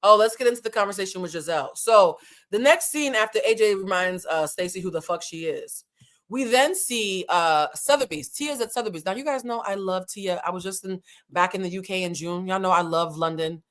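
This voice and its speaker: An American woman recapping reality TV, speaking in a middle-pitched voice. She talks candidly and brashly and swears freely. She keeps breaking into quick asides to her viewers. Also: fairly bright tone. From United States. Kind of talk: casual profane recap commentary.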